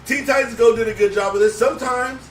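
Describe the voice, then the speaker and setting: A man's voice: very high-pitched, fast. A man co-hosting a casual podcast chat, rambling and often saying "let's be real.". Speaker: podcast co-host. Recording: roomy, distant mic with faint noise.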